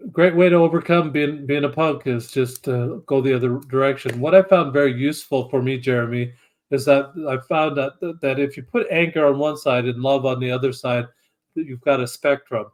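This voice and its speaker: A man's voice: medium pitch, brisk. A man speaking as an interview guest, earnest and thoughtful, often restarting his sentences as he works through ideas. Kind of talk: reflective conversation.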